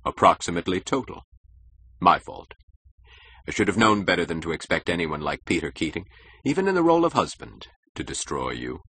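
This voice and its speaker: A man voicing a suave, scheming male critic who talks in a smooth, condescending, measured way. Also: low-pitched, sing-song, pushed and bright, heavily acted. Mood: sly.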